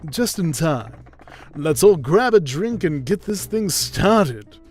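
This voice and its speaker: A cheery pub quiz hostess announces everything with flourish, as a man acts her out. Her voice sits high and swings widely. She takes her time over each line. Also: sing-song, slow, faint music behind, heavily acted. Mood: announcing. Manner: grand, announcing.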